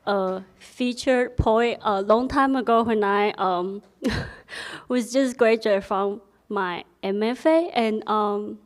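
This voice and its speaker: A woman's voice: mid-range voice, slow pace. A woman, a featured poet whose first language is Mandarin, making casual remarks before her reading, hesitant, with many fillers and self-conscious laughter.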